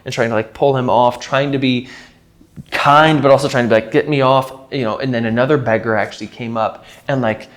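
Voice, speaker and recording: A man's voice: mid-range voice, fairly even intonation, brisk. A man talking casually to camera in a vlog, rambling and leaning heavily on filler words. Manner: rambling, heavy use of filler "like". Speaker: vlogger. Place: rented house.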